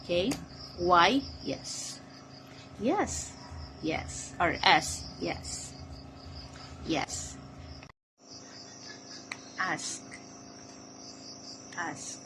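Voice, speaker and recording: A woman with a Filipino accent teaching sign language, saying each vocabulary word slowly and repeating it several times. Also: fairly low pitch, lively intonation. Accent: Filipino (Cebuano). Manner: slow and deliberate, calling out single words. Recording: clear background noise of crickets and insects.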